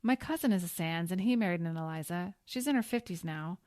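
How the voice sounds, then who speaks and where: A woman's voice: fairly low pitch, animated, fairly quick, no room sound, studio quality, natural voice. A woman voicing an impatient middle-aged man answering the phone. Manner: curt, impatient, loud.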